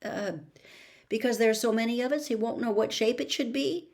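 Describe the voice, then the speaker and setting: A woman's voice: on the high side, fairly quick, a little mellow, pitched above the performer's own voice, close to an everyday voice. A woman voicing a teenage boy student giving a tentative answer in a storybook.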